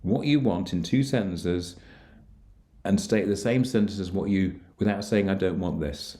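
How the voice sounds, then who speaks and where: A middle-aged man, a mind coach, calmly guiding the listener through techniques for handling anxiety, speaking straight to them. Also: low voice, normal speed. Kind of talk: instructional coaching talk.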